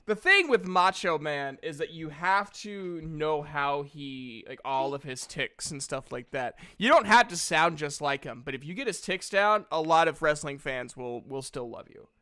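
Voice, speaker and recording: A man's voice: fairly high pitch, expressive, moderate pace, hardly any pauses, pushed and bright, clear, resonant tone. A man streaming, chatting casually and rambling with fillers. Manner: rambling, many fillers and restarts.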